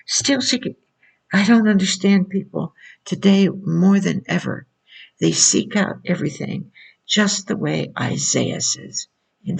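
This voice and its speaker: A woman's voice: fairly low pitch, vocal fry, slightly rough, rough recording. A woman preaching informally to a video audience, insistent and repeating rhetorical questions.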